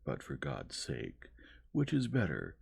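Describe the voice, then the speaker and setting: A man voicing an earnest young aristocratic officer who is proud and torn, speaking in a measured, imploring way in a soft storybook reading. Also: very deep voice, wildly swooping pitch, creaky, breathy edge, heavily acted.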